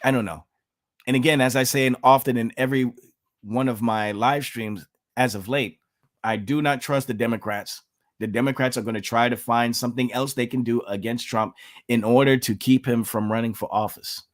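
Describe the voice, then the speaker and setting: A man with a mid-range voice delivers an opinionated commentary monologue as host of his own channel. He talks emphatically, firing rhetorical questions, and his pitch leaps upward at points of emphasis. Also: steady tone, normal speed.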